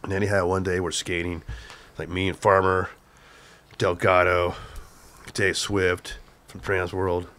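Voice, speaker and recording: An older man from Southern California, a guest telling an excited, profane story, acting out the shouts of the people in it. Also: low voice, measured pace. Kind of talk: animated storytelling on a podcast.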